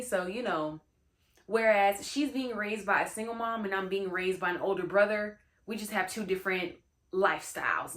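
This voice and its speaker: A woman's voice: medium pitch, fairly bright tone. A young woman telling a personal story in a casual, slangy storytime chat, full of "you know what I'm saying.". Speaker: storytime host.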